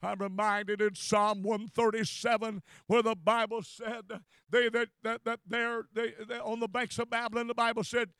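Fervent high-voiced older preacher man. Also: little pitch movement, normal speed, fairly bright tone, smooth, dry recording. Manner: fervent, repetitive exclamations. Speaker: pastor. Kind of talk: sermon.

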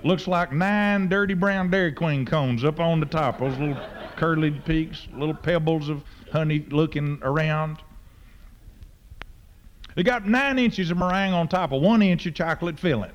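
A man, a preacher telling a humorous story with folksy, deadpan exaggeration. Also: a little high, moderate pace, lo-fi sound, a little hiss or hum.

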